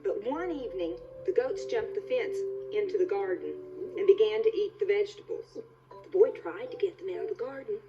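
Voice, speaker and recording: A young woman storyteller telling a children's tale on a kids' TV show in a playful, expressive, sing-song way. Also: on the high side, normal speed. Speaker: visiting storyteller. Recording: dull TV soundtrack with music.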